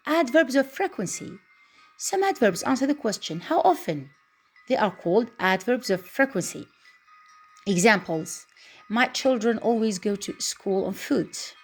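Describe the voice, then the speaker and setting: A woman teaches grammar in a slow, deliberate way, reading each example sentence before she explains it. Her voice sits a little high and moves a lot in pitch. Soft music plays faintly underneath. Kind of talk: grammar lesson.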